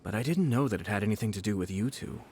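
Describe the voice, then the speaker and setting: An actor playing a poised, courteous young noble commissioner in a video game, who speaks in a formal, measured, polite way. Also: male voice, lowish voice, expressive, a little mellow, slightly rough. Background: game music.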